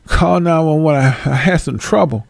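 A man's voice: on the high side, moderate pace, gravelly, no room sound, clean studio sound. A man voicing an old woman with a cane who pleads sweetly for help. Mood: pleading.

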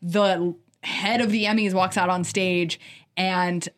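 Brief: woman co-host, casual news chat, lively storyteller. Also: on the low side, measured pace. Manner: animated storyteller, acts out quotes. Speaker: podcast co-host.

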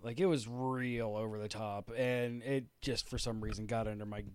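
A man's voice: medium pitch, fairly even intonation, moderate pace, clear, resonant tone, dry recording. A man hosting a casual podcast, reviewing a TV show with laughter and exasperated, swearing rants. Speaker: podcast host.

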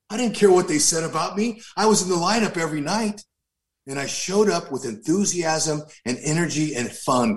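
A man in his fifties, a former pro ballplayer, telling stories in an animated, joking way with lively asides. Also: fairly high pitch. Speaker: former pro baseball player. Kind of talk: storytelling interview.

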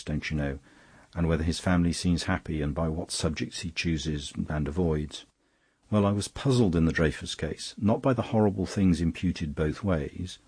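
A man's voice: sits low, darkish tone, breathy edge, dry recording. A man reading aloud, voicing a mild, thoughtful male priest who reasons soberly. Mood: puzzled. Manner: sober and reflective, puzzling things out.

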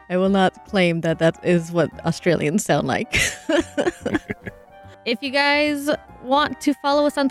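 A woman co-hosting a trivia podcast in casual chat, laughing often between lines. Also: mid-range voice. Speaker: podcast co-host.

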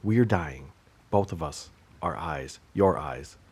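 A man with a deep, husky voice hosts a solo podcast. He rambles through sarcastic, joking rants and now and then bursts out loudly. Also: expressive, slow pace. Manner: sarcastic, joking rants with sudden loud outbursts. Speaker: podcast host.

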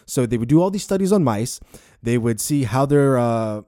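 A man hosting a relaxed podcast, his voice at a middle pitch and recorded close and dry. He talks loosely, laughs often and stumbles over long science words. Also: moderate pace, no echo. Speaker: podcast host. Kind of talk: casual podcast chat.

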